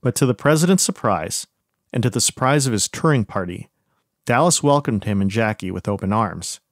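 Guy with a lowish voice telling a history story, calm and even, dry close sound. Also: no room sound. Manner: steady, measured storytelling. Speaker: podcast host. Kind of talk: scripted historical narration.

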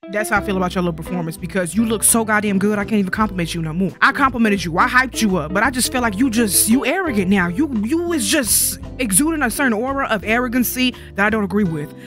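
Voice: mid-range voice, expressive, fast, few pauses, music in the background. A young adult gaming YouTuber giving casual gameplay commentary, sassy and rambling, full of profane trash talk.

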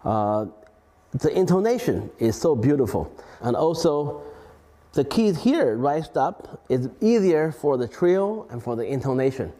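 A man's voice: on the high side, very animated, unhurried, warm tone. A male clarinetist giving an enthusiastic testimonial about a new instrument. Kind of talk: friendly spoken testimonial.

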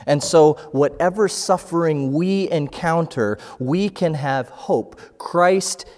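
A man preaching a sermon as pastor, slow and measured, reading scripture passages aloud. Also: a little high, a little mellow, in a large hall. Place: church sanctuary.

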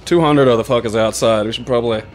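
A man chats loosely over gameplay, coaching his partner with tips and laughing often. His voice has an even, middling pitch. A faint noise sits under the recording. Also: quick pace. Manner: chatty, gives advice, laughs easily. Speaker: let's play co-host. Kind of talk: casual gameplay commentary.

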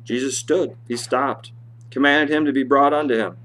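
A male pastor preaching a sermon in church, reading scripture aloud in a rising voice and dropping low to explain it. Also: fairly even intonation, moderate pace, fairly bright tone, slight background noise.

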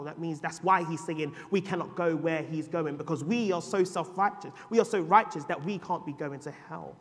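A man preaches to his congregation in a high, ringing voice. His delivery swings from loud, climbing declarations down to hushed asides. Each phrase trails off into the long reverb of a church hall. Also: vocal fry. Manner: dramatic preaching with sudden loud rises and hushed drops. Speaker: pastor. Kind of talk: sermon. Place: church sanctuary.

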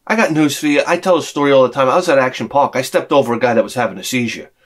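A middle-aged man ranting to camera as a vlogger, profane and sarcastic, dropping to mutters and then shouting his outbursts. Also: medium pitch, very fast. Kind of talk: rambling comic rant to camera.

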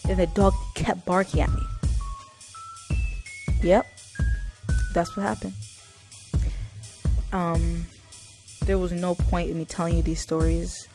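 A woman's voice: on the low side, little pitch movement, slow, long pauses. Young woman vlogging, rambly storytelling, lots of "like"s, faint music behind. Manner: rambling, many fillers, self-mocking asides. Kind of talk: casual storytelling commentary.

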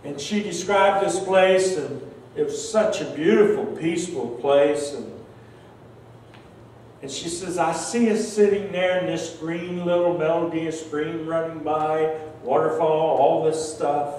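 An older male pastor preaching a sermon, telling a personal story slowly and earnestly, his voice often softening at the ends of phrases. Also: fairly high pitch, a little hiss or hum. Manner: slow, earnest, emotional storytelling with soft trailing endings. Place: large church sanctuary. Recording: very echoey church hall, distant mic.

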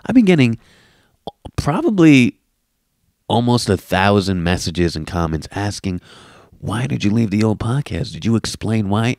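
A young man from Queens, New York, hosting his own comedy podcast, ranting in a brash, mocking, profane way with a smooth deep radio voice, recorded on a laptop mic. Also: lively intonation, a little slow, a little mellow, no echo, studio quality. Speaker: podcast host. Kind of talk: comedic solo podcast rant. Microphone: laptop camera mic.

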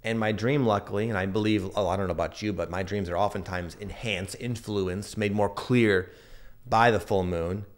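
A man's voice: lowish voice, steady tone, normal speed. A man in his thirties giving a casual, earnest astrology update and sharing personal stories as he reflects. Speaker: astrology and energy reader.

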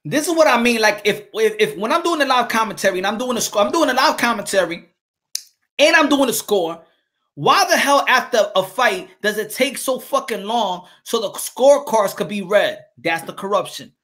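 A man calling a boxing fight live as channel host, excitable, repeating his calls and swearing. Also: high voice, brisk, few pauses.

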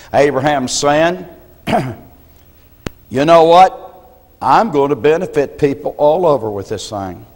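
A man, a pastor from the United States, preaching a sermon in a folksy storytelling way and often clearing his throat. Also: fairly high pitch. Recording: long hall reverb.

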